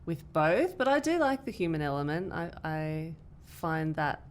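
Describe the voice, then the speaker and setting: Low-voiced woman explaining thoughtfully. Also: big pitch swings, a little slow. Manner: explanatory, thoughtful, with light laughs. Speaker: podcast co-host, English teacher. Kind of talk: casual discussion.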